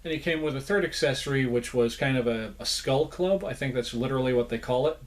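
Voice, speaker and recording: A young adult man casually narrating a showcase of his toy collection as the channel host, rambling in a relaxed way with frequent fillers and self-deprecating asides. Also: mid-range voice, quick pace.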